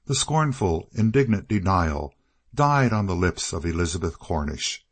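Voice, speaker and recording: A man reading a novel aloud as an audiobook narrator, in measured, steady storytelling. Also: deep voice, husky, no echo. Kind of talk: scripted narration.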